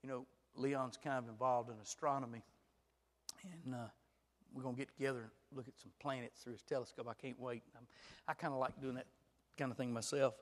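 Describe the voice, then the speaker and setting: A man preaching a sermon as pastor, moving from quiet storytelling to loud, shouted passages. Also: mid-range voice, flat delivery, brisk, in a large hall.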